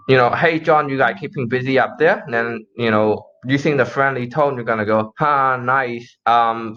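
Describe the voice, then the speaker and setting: Male sales coach, casual and rambling, mid-pitch, muffled lo-fi recording. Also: a bit bright. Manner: casual, repeats phrases, acts out call lines. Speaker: sales trainer. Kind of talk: explaining a cold-call script. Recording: slightly dull lo-fi audio.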